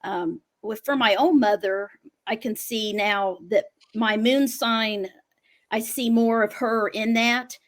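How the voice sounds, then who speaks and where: A woman's voice: on the high side, fairly even intonation, slow. A woman astrologer and mother chatting casually on a video call panel, full of "you know" and agreeable asides.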